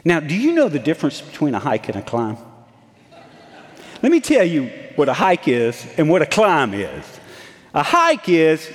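A man in his sixties, a pastor preaching a sermon, telling a story in a folksy, animated way with frequent restarts. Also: on the high side, normal speed. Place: church sanctuary. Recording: long hall reverb.

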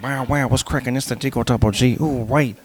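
A man's voice: steady tone, fairly quick. Goofy male comedian reading a promo. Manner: goofy, upbeat pitch. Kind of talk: casual promo spot.

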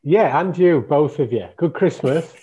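A man's voice: fairly high pitch, animated, a little slow, warm tone, breathy edge. A man guesting on a casual football podcast, laid-back and wry. His audio sounds slightly dull and lo-fi.

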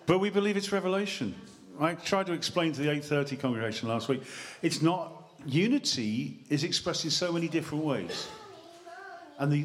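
A man preaches to his congregation, his voice sitting a little high for a man. He is lively and jokes as he goes, quizzing the people in front of him. He speaks into a handheld mic in a church. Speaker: pastor. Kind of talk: sermon. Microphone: handheld microphone.

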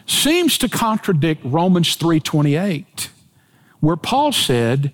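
A man preaching a sermon with emphatic delivery and dramatic swings in pitch and pace. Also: very animated, slow. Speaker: pastor.

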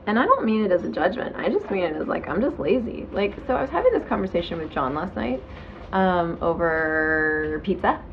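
A woman's voice: lowish voice, very animated, brisk, lo-fi sound, a little hiss or hum. A woman hosting her own show, giving casual self-help talk from home in bed in a frank, chatty way with casual swearing. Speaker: podcast host.

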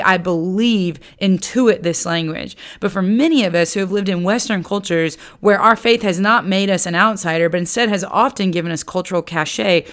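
A woman teaching on lament in a sermon, earnest and emphatic, dropping to a soft, low voice when she speaks prayers aloud. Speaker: Bible teacher.

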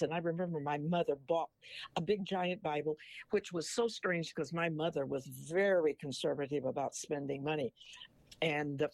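A man's voice: a little high, a little mellow, dry recording. Older man telling a folksy story. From Missouri. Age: 80s. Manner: folksy storyteller who ends a joke with a moral. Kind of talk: casual chat.

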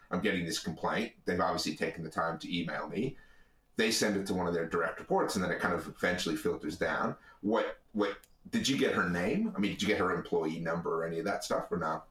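A male podcast host with a very low voice, recorded with a roomy echo around him. He is inquisitive and chatty, and he often trips over the first words of a sentence. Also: a bit bright. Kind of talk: casual interview chat.

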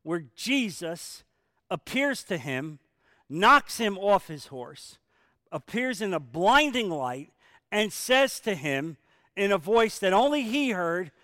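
A man preaching a sermon as pastor, emphatic, with rhetorical questions and sudden swings in loudness. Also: high-pitched, big pitch swings, slow, no echo, studio quality, in a large hall.

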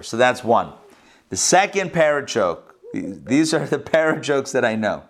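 Brief: male teacher, mid-range voice, lively joke-telling in class. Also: mid-range voice, measured pace. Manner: animated, chatty storyteller.

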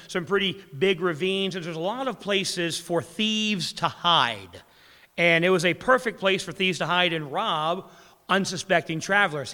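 A man's voice: high voice, bright, forceful tone, big-room sound. A man preaching a sermon as pastor, telling a story with frequent restarts and repeated words.

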